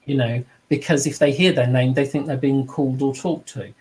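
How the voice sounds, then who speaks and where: Man, mid-pitched voice, conversational teacher, repeats himself, video call. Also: fairly even intonation, fairly quick, a little mellow. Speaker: trance mediumship teacher. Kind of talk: teaching with personal anecdotes.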